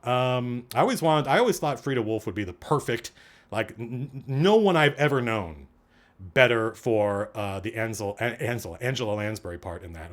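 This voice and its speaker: A man hosting a livestream, chatting casually and digressively as he answers questions from chat. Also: medium pitch. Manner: animated, digressive, thinking aloud.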